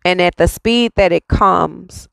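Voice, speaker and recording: A woman's voice: on the low side, takes it slowly, gravelly, a bit bright, no echo, poor audio. A woman giving an intuitive spiritual reading in a reassuring way, repeating her phrases insistently. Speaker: spiritual reader.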